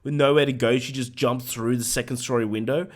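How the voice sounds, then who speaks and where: Hoarse man recapping a film plot. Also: medium pitch, steady tone, fairly quick. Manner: recaps plot with frequent ums and swearing asides. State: hoarse, voice going. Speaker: podcast co-host recapping a film. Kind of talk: casual chat, plot recap.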